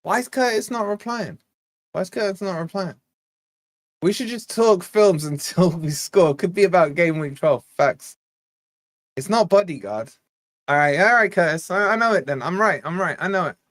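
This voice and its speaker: A chatty man hosts a live football watch-along stream. He teases his viewers in loose, casual banter and then snaps into quick bursts of match commentary. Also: sits high, a bit bright, no room sound, studio quality. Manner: chatty, teasing, jumps between quiz talk and play-by-play. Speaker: fan channel host doing live match watch-along.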